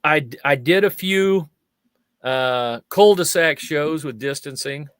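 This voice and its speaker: Speaking slowly in a clean, somewhat high voice over a dry recording, an older guest on a chat show, a magician and fire eater, tells stories. He's animated throughout, impersonating the characters he quotes.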